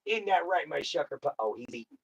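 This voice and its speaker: A man's voice: a little high, animated, fast talker, a bit bright, breathy edge, no room sound. A man hosting a casual live stream, talking bluntly and folksily straight to his chat.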